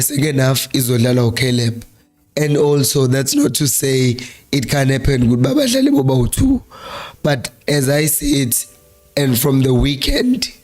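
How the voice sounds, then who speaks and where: A hoarse South African man with a flu-worn voice, hosting a live-streamed football chat in a Zulu-accented mix of English and Zulu and reading viewer comments aloud. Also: mid-range voice, darkish tone. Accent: South African, Zulu-speaking. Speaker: fan channel host.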